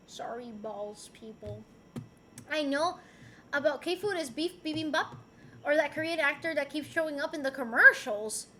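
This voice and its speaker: A woman's voice: high voice, a bit bright, a little hiss or hum. A young woman from Rico, chatting casually and playfully on a livestream as she reads and answers chat messages. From Puerto Rico. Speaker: streamer.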